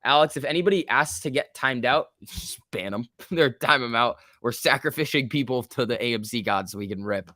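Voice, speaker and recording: Recorded dry with clean studio sound, a man with a mid-range voice hosts a live trading stream. He chatters casually over stock charts, reading chat out loud and breaking into quick, excited bursts amid loose commentary.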